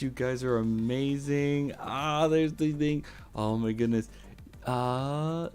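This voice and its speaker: A man's voice: medium pitch, darkish tone. A young man streaming live, gushing thanks to his viewers with many fillers and repeated words. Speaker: VTuber streamer. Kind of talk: excited live-stream chat.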